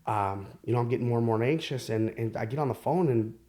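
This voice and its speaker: A man telling his own life story as a podcast guest, candid and halting, with many fillers and restarts. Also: medium pitch, mellow. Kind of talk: personal storytelling.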